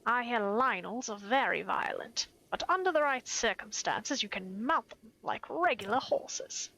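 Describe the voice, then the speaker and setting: A woman's voice: a little high, lively intonation, unhurried, vocal fry, bright, forceful tone, slight background noise, heavily acted, rough recording. A woman voicing a chatty male traveler who gossips about monsters, in a mock mid-Atlantic accent with a breezy, boastful, old-movie delivery. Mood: gossipy.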